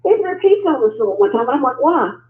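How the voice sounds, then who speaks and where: A middle-aged woman calling in to a show, telling family stories in an excitable, exasperated way. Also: high-pitched, rapid-fire, reverberant. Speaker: caller. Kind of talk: casual phone call-in story. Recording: tinny phone line with faint hum.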